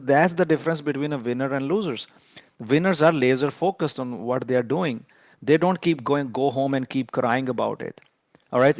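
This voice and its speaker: A man teaching a trading lesson in a mid-pitched voice. He lectures emphatically and hammers his points home by repeating them. The sound is dry and close, with no room echo. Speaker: trading educator.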